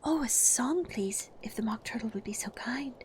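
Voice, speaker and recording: A woman voicing the young girl Alice in a whispered role-play, in a soft, hushed, high voice. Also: expressive, a little slow, a little hiss or hum. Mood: eager.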